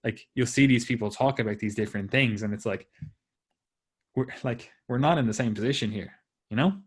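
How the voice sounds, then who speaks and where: A man's voice: medium pitch, fairly quick, slightly rough. A man co-hosting a podcast in casual chat, swearing freely and acting out what others say. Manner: swears a lot, animated quoting of others. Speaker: podcast co-host.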